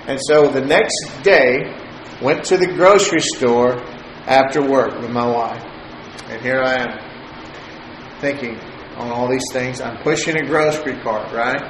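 Preacher telling a story in a roomy space. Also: male voice, mid-range voice. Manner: chatty, halting storyteller who chuckles. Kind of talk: sermon testimony. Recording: roomy echo, faint noise.

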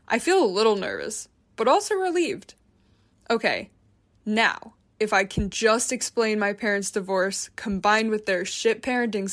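Woman reading her memoir out loud, tense and frustrated, inward kind of narration. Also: mid-range voice. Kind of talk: first-person memoir audiobook narration.

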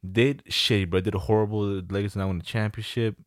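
A man's voice: fairly low pitch, steady tone, a little fast, no room sound, studio quality. A man in casual chat, loose and slangy, swearing freely and retelling stories with quoted dialogue.

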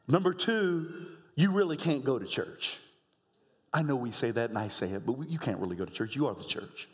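A middle-aged male pastor preaching a sermon, swinging from low, quiet lines up to high shouts. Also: long reverb tail. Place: church sanctuary.

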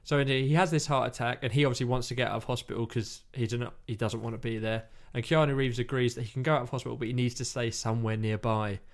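A man's voice: medium pitch, steady tone, quick pace, few pauses. A man in casual chat, retelling a film plot in a rambling way and acting out lines. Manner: rambling storytelling, acts out quotes.

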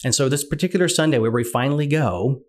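Speaking fast in a medium-pitched voice, this man is a guest giving his testimony. He tells his own faith story with earnest energy, performing the quoted dialogue as he goes.

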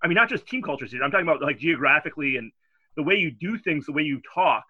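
A man's voice: fairly high pitch, lively intonation, fast talker, no echo. A man hosting a podcast, asking long, winding questions full of fillers. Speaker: podcast host. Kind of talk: interview questions. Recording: dull, dry lo-fi sound.

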